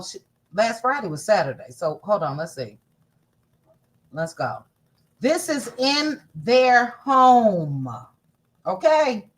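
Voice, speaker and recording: A woman hosts a casual celebrity gossip livestream, chatty and sassy, thinking aloud as she scrolls through posts. Her voice is medium in pitch and a bit bright.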